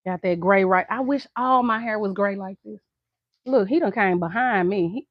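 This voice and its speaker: Speaking a little slowly in a mid-range voice, a Southern American vlogger in middle age talks casually with her viewers and laughs a lot. The recording is dry and dull, with a lo-fi sound.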